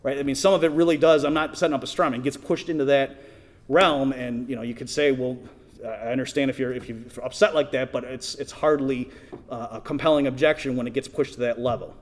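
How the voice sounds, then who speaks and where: A man's voice: medium pitch, steady tone, a little fast. A middle-aged man speaking at a conference, conversational, often checking in with the audience and restarting sentences. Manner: conversational, asks the audience, many restarts and "right?". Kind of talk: conference talk. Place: conference hall.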